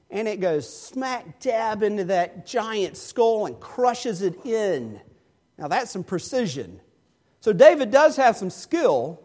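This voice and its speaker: A male preacher giving a sermon, retelling a Bible story in an animated, storytelling way. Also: high-pitched.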